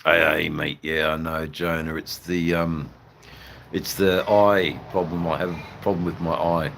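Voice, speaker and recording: Very deep-voiced Australian man rambling. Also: flat delivery, unhurried, creaky, fairly bright tone, a little hiss or hum. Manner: hesitant, full of fillers and restarts, blunt and swearing. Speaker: livestream host. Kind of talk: rambling live-stream chat.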